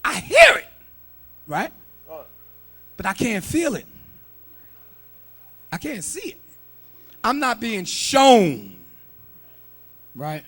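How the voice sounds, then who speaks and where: A man preaching a sermon, emphatic and quick to shout, firing rhetorical questions and leading his listeners in call-and-response. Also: high-pitched. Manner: calls for scripture reading and call-and-response.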